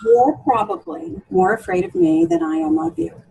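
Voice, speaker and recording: A woman's voice: very high voice, animated, moderate pace, vocal fry, warm tone, poor audio. A woman coach for women, talking through client stories in an interview with many fillers and restarts. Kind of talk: interview conversation.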